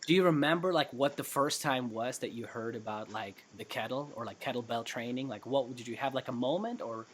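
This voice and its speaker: A man's voice: mid-range voice, brisk. A man hosting a casual podcast interview, asking questions loosely with many fillers. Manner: loose, lots of "like" fillers, laughs often. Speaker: podcast host.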